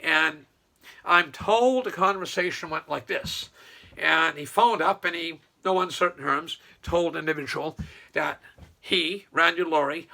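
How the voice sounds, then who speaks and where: Older guy ranting about politics, gravelly, sharp bright voice, kinda high. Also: measured pace. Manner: scornful, rambling, rises to loud mocking outbursts. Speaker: local political commentator. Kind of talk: casual political rant to camera.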